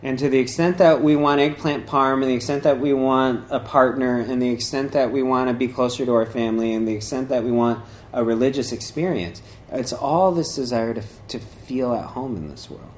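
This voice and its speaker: A dharma talk speaker with a medium-pitched voice talks briskly and with few pauses over slight background noise. His casual spiritual talk meanders with fillers and restarts, and he acts out the voices in his stories.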